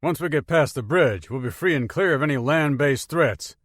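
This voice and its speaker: A man voicing a big, cocky Marine sergeant in an audiobook, talking loud and gruff. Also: fairly high pitch, expressive, normal speed, dry recording, clean studio sound, voice pushed up. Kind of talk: audiobook character voice.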